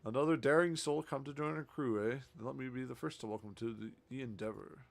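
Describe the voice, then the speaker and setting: A man's voice: medium pitch, brisk, gravelly, lightly acted. A man reading out a boisterous, adventurous ship captain's lines in a hearty, declaiming voice. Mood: rousing.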